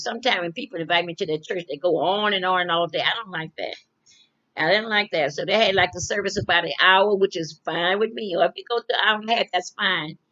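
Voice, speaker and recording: A woman's voice: fairly low pitch, bright, forceful tone. An older woman casually telling a personal story. She rambles, restarts often and repeats her phrases. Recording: dull lo-fi recording.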